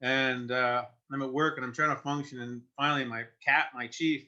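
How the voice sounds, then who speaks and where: Earnest bright-voiced man. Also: mid-range voice, fairly even intonation. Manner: earnest, conversational, halting with restarts. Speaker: guest. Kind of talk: candid personal storytelling. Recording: muffled lo-fi sound.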